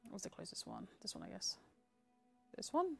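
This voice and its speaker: Woman, mid-pitched, quiet and low-key, game stream chat, soft music underneath. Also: wildly swooping pitch, fairly quick, gravelly. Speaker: community manager co-streaming a game. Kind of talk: casual gameplay chat.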